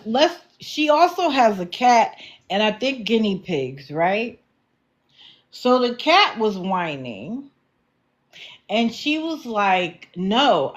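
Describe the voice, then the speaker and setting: A woman hosting a casual livestream, answering viewer comments with quick apologetic asides and animated reactions. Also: mid-range voice. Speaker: livestream host.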